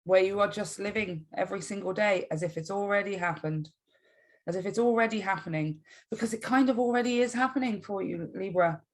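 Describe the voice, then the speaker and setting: A woman's voice: medium pitch, fairly quick. Woman, tarot reader, casual and emphatic, encouraging, keeps asking "right?". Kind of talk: casual tarot reading to camera.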